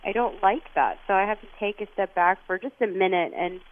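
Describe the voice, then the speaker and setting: A woman's voice: medium pitch, brisk. A woman from Texas, a guest on a phone interview, who speaks in an earnest, reflective way and often restarts her sentences. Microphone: phone line. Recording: tinny phone line.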